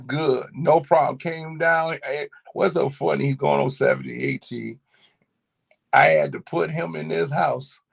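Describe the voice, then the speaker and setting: A middle-aged man telling family stories in a casual monologue, animated and profane. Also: on the high side, a little slow, vocal fry, slightly rough. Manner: animated storytelling, profane slang. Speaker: commentator.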